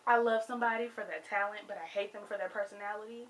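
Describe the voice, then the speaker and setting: Woman vlogger, high voice, casual exasperated rant with sudden loud bursts. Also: fairly even intonation, brisk. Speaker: vlogger reviewing a TV show. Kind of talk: casual ranting commentary.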